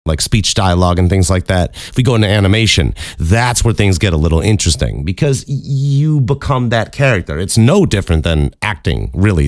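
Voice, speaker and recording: Podcast host: deep-voiced man from Chicago, candid, a bit profane, dry close mic. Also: no echo. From Chicago, USA. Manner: candid, profane, joking asides. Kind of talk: casual monologue.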